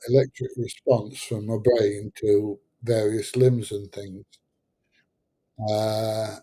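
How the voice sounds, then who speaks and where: A middle-aged man chats casually on a livestream. His voice is mellow and a little husky, and he rambles along, pausing often on fillers as he answers his viewers. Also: mid-range voice, poor audio. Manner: rambling and hesitant, many fillers. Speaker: livestream host answering chat.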